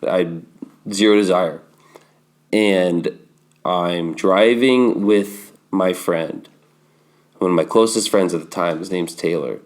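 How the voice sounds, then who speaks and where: A man in his thirties with a fairly low voice shares his story as a podcast guest. He speaks candidly and vividly, slipping into the voices of the people he quotes. His delivery stays conversational and unscripted. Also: slow, long pauses. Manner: vivid storyteller who acts out remembered dialogue.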